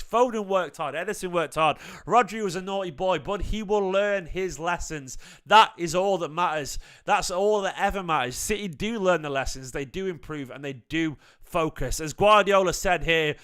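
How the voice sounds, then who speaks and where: A man's voice: a little high, a bit bright, clear, resonant tone. A man in his late thirties hosting a fan channel, talking casually and a bit defensively as he answers chat comments. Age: 30s. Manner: chatty, defensive, says mate often. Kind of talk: casual reaction talk to live chat.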